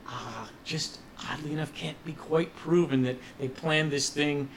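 A man's voice: a little high, fairly even intonation, normal speed, vocal fry, fairly bright tone, a little hiss or hum, rough recording. A man guest on a radio interview, ranting with passion and cynicism about politics. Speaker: musician guest.

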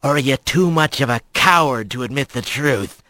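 A man's voice: fairly high pitch, very animated, moderate pace, creaky, bright, forceful tone, no echo, heavily acted. A man doing a hissing, scornful fox trickster lord.

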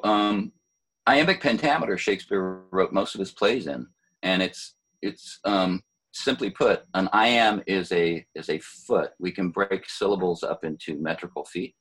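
An older man talks about poetry in a deep, slightly husky voice. He is thoughtful and unhurried, often pausing and restarting his sentences. The tone is that of a relaxed conversation. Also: poor audio. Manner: thoughtful, hesitant, many fillers and restarts. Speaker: poet, former city poet laureate.

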